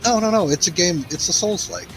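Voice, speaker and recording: A man's voice: high-pitched, lively intonation, brisk, music in the background, rough recording. A man chatting casually while playing an online game, ranting sarcastically about bad advice. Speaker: gamer playing online with a friend. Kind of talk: casual gaming chat.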